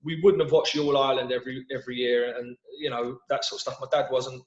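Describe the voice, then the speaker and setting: Brief: London English man, interview guest, mid-pitched, rambling restarts; echoey, muffled video-call sound. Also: flat delivery, fast. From London, England. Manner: rambling, frequent restarts and repeated words. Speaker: football manager guest. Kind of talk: casual interview chat. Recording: roomy, dull video-call audio.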